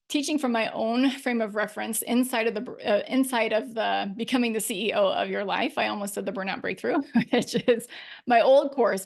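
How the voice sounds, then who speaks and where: Upbeat woman coach, slightly high voice. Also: creaky. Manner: upbeat, emphatic, laughs often. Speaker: life coach, podcast host. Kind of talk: solo podcast talk.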